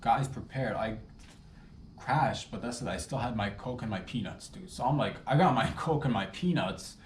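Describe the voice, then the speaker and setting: A comedian with a mid-range voice riffs playfully through a rambling comic monologue, improvising and interrupting himself at a normal speed. The recording has a slight hiss or hum, a roomy echo, and faint ambience.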